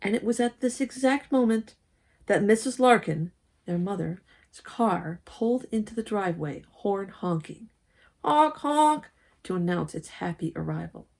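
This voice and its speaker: A woman reading a children's story aloud at a church service, lively and expressive, with asides to the listeners. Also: medium pitch, moderate pace, creaky. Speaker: lay speaker at a church service.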